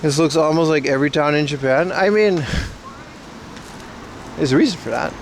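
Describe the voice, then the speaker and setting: A man's voice: fairly high pitch, normal speed, vocal fry, a little hiss or hum. A man casually chatting with his livestream viewers while walking outdoors, loose and slangy. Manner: loose slangy banter, reads chat. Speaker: IRL livestreamer. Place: outdoors on city streets.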